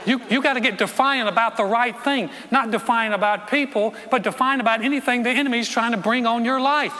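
Emphatic preacher guy, strained voice, high and bright, big hall reverb behind him. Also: brisk. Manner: emphatic, repeats words, drops to quiet intense tones. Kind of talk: sermon.

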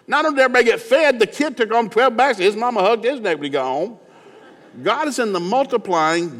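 A man from East Tennessee with a Southern accent, preaching a sermon in a folksy, animated storytelling way, acting out Bible characters with shouted lines. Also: high-pitched. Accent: Southern American. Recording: long hall reverb.

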